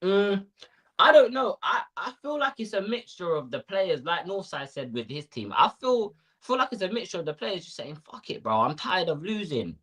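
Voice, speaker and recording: A young man talks football on a casual panel, ranting with plenty of slang. His voice rises and falls with lively energy. Its tone is bright and slightly husky. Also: sits high, moderate pace.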